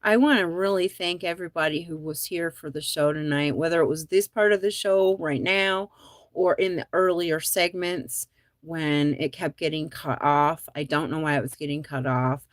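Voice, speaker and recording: A woman's voice: deep voice, steady tone, normal speed, dry recording, studio quality. A woman comedian hosting a show, chatting casually and rambling, often laughing at her own jokes. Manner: rambling with many likes and ums. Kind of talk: casual chat to viewers.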